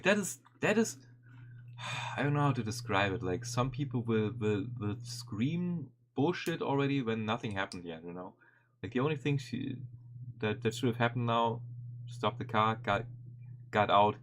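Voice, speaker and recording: A man streaming and commenting casually on a video, animated and swearing often, with frequent restarts. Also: on the low side, moderate pace, a little hiss or hum.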